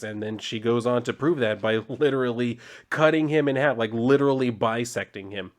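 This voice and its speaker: A man casually reviewing a comic book, chatty and joking, with many fillers and asides. His voice sits at an average male pitch. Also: steady tone, moderate pace, few pauses.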